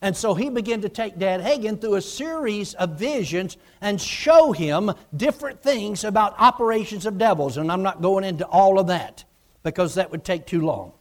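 A man delivers a sermon in a fairly high voice. He retells a story with emphasis and repeats his key phrases. His style is steady pulpit storytelling. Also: normal speed. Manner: emphatic and repetitive, retelling a vision with quoted dialogue. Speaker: preacher.

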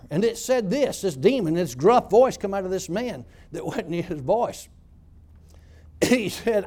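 A male pastor preaching a sermon, telling stories and building up to loud shouts. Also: high-pitched, animated, a little slow, creaky.

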